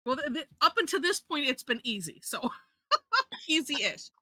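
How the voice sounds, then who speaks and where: Bright chatty woman teaching drawing. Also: high-pitched, very animated, measured pace, no echo. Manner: chatty, self-correcting, laughs often. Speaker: drawing instructor. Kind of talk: live online drawing lesson.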